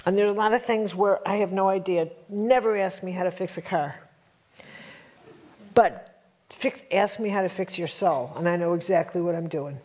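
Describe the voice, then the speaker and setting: A woman teaching a spiritual workshop to a live audience, telling stories in an animated way and checking in with her listeners. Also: fairly low pitch, moderate pace. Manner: animated, storytelling, addresses audience with rhetorical checks.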